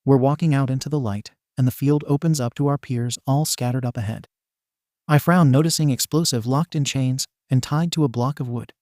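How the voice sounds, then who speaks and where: A man narrating a first-person story aloud in a steady storybook voice. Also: mid-range voice, fairly quick, no echo, studio quality. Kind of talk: reading fan fiction aloud.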